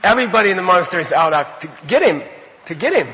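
A man giving an animated, conversational Buddhist teaching to a class, often checking in with his listeners. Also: sits high, rapid-fire, in a large hall, muffled recording. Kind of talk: dharma lecture to a class.

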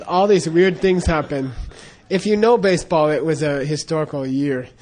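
Speaking at a moderate pace, a man with a high-leaning, darkish voice rambles through an offhand story. It's packed with fillers and false starts, and he keeps breaking into laughter.

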